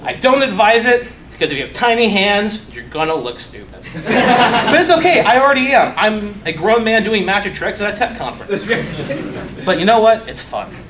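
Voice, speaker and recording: A young man with a fairly high voice gives a loose, profane conference talk. He jokes at his own expense, and his voice rings around a roomy, echoey hall. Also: big pitch swings, normal speed, background noise. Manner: loose, profane, joking, self-mocking. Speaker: conference speaker.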